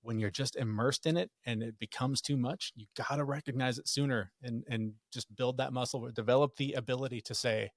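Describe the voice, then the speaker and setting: Animated storytelling man on a podcast. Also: medium pitch, brisk, few pauses, dry recording, clean studio sound. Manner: animated, acts out quotes in raised voice. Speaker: podcast guest. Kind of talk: casual conversational storytelling.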